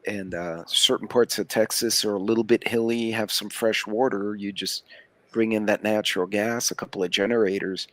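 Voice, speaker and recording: Low-voiced man in a dry recording. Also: fairly even intonation, moderate pace, no echo. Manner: rambling, laid-back explaining. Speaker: livestream panelist. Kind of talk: casual chat.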